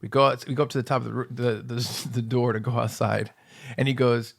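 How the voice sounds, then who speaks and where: A man co-hosting a comedy podcast, telling a story in a casual, animated way and dropping into hushed asides for quoted lines. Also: mid-range voice, quick pace, gravelly. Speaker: podcast co-host.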